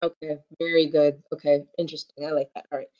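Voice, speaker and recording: A woman's voice: low-pitched, little pitch movement, fast, darkish tone. Upbeat woman hosting a webinar. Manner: upbeat, chatty, enthusiastic. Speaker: webinar host. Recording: slightly dull lo-fi sound.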